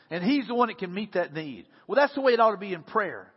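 A man preaching a sermon in a casual, conversational way, repeating words and swinging between loud and hushed delivery. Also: sits high, animated, fast, few pauses, slightly rough. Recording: dull sound with long reverb.

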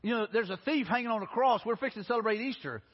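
A man's voice: high-pitched, fast talker, breathy edge. A male pastor, preaching a sermon in an earnest way, often restarting and repeating words. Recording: dull recording in a reverberant hall.

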